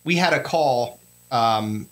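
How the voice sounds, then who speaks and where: Animated joking man hosting a chat. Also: medium pitch, slow pace. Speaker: podcast host. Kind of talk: casual interview chat.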